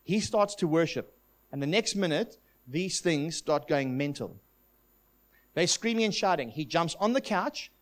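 A man preaching a sermon, telling a testimony in an animated storytelling manner. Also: on the high side, a little slow. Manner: animated storytelling, voices quoted demons.

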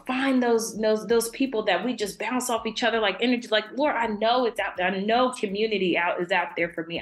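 A young adult woman, a podcast guest, talking casually and warmly about faith and laughing often. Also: mid-range voice, roomy sound. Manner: warm, chatty, laughs often.

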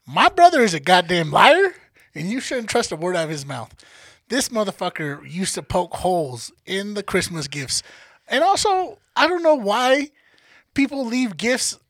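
Speaking high-pitched at a normal speed with no room sound, a man co-hosting a podcast shares a casual childhood tale. He swears frequently and animatedly acts out what the people in the story said.

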